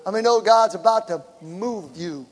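A middle-aged man preaching a sermon, animated and shouting to his congregation. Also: high voice, moderate pace. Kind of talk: sermon with personal story. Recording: large hall with long reverb.

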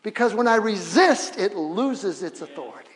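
A male pastor preaching a sermon in a church, energetic and humorous, leading the congregation in call-and-response. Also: sits high, moderate pace. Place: church sanctuary. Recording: long reverb of a church hall.

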